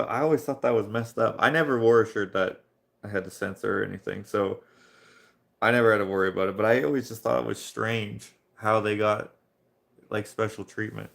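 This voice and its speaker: A Canadian man chatting casually on a live painting stream, meandering from one anecdote to the next. His voice is lowish and gravelly, with plenty of fry. He chuckles as he talks. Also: fairly bright tone. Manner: rambling storyteller, chuckling. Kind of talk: casual chat while painting.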